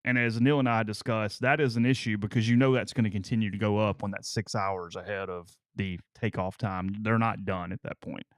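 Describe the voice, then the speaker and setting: A man's voice: on the low side, steady tone, brisk, few pauses, dry recording, studio quality. A male co-host in a casual chat, telling long stories and stammering on repeated words.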